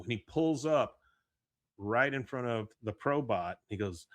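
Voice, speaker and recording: Speaking at a measured pace in a low-leaning voice, a man hosts a podcast, retelling an episode with energy and voicing the characters. The recording is dry and of studio quality.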